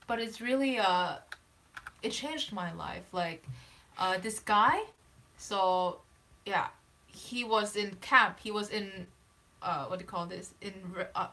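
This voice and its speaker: A woman's voice: medium pitch, slow, pauses often, pushed and bright. Encouraging woman guest on a live stream. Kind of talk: casual live stream chat.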